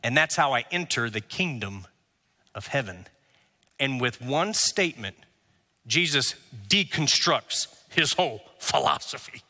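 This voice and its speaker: A man preaching a sermon as pastor, emphatic, with rhetorical questions and drawn-out words. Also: mid-range voice, lively intonation, sharp tone, long reverb tail. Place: church sanctuary.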